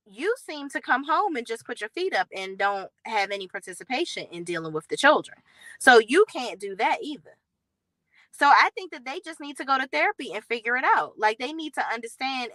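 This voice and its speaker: A woman hosting a reality TV recap vlog, talking bluntly and with sass, in slangy, animated storytelling. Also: fairly high pitch, no room sound, rough recording. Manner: blunt, sassy, slangy commentary; animated storytelling with acted quotes.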